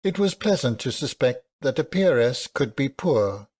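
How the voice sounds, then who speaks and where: A man narrating an audiobook in a measured, even way. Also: medium pitch, slightly rough.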